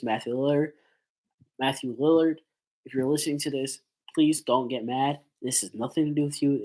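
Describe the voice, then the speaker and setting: A man's voice: mid-range voice, low-quality recording. A man with a stuffy nose from a cold, chatting in a rambling casual commentary vlog with lots of fillers. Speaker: YouTuber.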